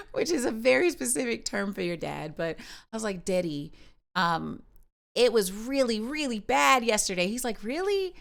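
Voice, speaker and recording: On a livestream, a woman with a fairly low, creaky voice chats casually about personal matters. She rambles candidly, with lots of fillers and restarts.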